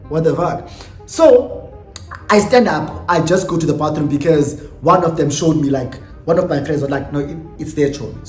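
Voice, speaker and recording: High, lively South African young man. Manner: animated, dramatic, sassy storytelling with swearing. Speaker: vlogger. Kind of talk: storytime vlog. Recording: roomy echo with faint music.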